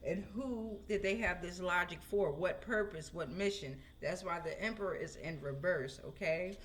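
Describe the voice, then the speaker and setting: A woman's voice: on the low side, normal speed, slight background noise. A woman giving a casual tarot reading, chatting to her viewers and often asking "right?". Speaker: tarot reader.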